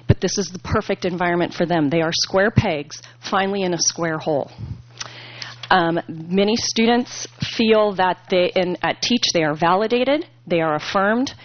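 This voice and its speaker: A woman reading a prepared statement at a school board meeting in an earnest, measured, persuasive way. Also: fairly low pitch, no echo. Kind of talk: prepared public comment read aloud. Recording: dry, dull lo-fi meeting recording.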